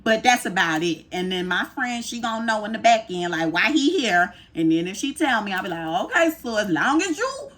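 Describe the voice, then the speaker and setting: Lively-voiced woman co-hosting a chat podcast. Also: brisk, hardly any pauses. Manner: laughs often, acts out quoted lines in a higher voice. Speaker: podcast co-host. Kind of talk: casual chat.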